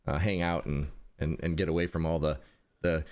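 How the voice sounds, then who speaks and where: A man, a guest in a casual interview, talking in a rambling way with halting restarts and dry humor. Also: extremely low pitch, little pitch movement, darkish tone. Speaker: interview guest, content creator. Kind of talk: casual conversation.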